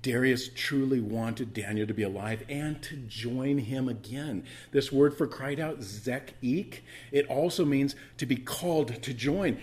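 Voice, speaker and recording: A middle-aged man preaching a sermon as pastor, conversational with personal asides, swinging between loud emphasis and quiet, intimate moments. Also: mid-range voice, moderate pace.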